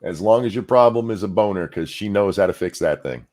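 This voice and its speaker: A man's voice: on the low side, brisk, darkish tone. A man co-hosting a live reaction stream, trading sardonic and profane mocking asides. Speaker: co-host.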